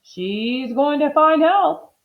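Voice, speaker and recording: A woman doing a loud, blustering storybook husband. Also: high voice, expressive, takes it slowly, voice pushed up, heavily acted. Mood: confident. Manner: loud, emphatic and self-assured. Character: bluff, blustering middle-aged husband. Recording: slightly dull lo-fi recording.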